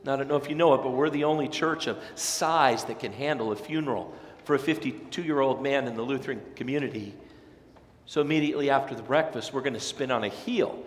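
A man's voice: medium pitch, a little hiss or hum. A male pastor preaching a sermon with energy, acting out the voices of people in his congregation. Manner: animated, acts out voices of listeners; energetic, fired up. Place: large church sanctuary. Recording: echoey sanctuary with long reverb.

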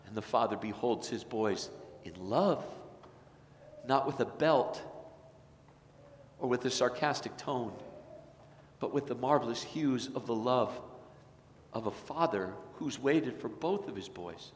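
A male pastor preaches with earnest, tender warmth at an ordinary mid pitch. His voice carries through a church sanctuary with a long, roomy reverb and a faint background hum. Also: expressive, unhurried. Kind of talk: sermon. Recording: echoey church hall, faint noise.

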